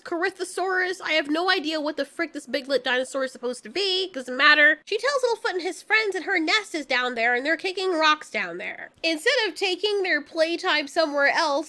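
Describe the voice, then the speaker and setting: A woman recapping an animated film in a casual, sarcastic, joking commentary. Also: extremely high pitch. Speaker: video reviewer.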